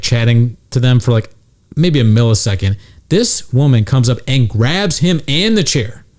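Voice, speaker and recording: A man's voice: mid-range voice, a little mellow. A man hosting a podcast in crude, casual chat, telling stories and acting out the people in them. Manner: crude, storytelling, acts out voices. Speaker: podcast host.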